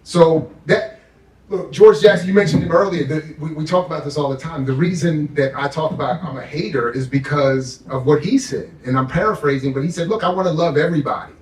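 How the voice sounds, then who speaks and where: Fired-up man, high voice, roomy distant sound. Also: fairly quick, darkish tone. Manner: fired-up, sarcastic, mocks the powerful in put-on voices. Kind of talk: impassioned political talk.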